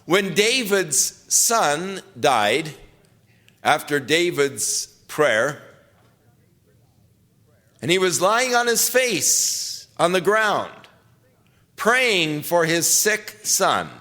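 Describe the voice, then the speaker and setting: A man's voice: on the high side, very animated, extremely slow, long pauses, bright, forceful tone. Conversational older male Bible teacher. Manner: conversational, paraphrasing scripture in casual everyday speech. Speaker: pastor.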